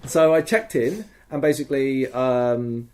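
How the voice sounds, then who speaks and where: A man's voice: medium pitch, a little slow, darkish tone. A young man talking as a podcast guest in casual chat, rambling and enthusiastic, swearing freely.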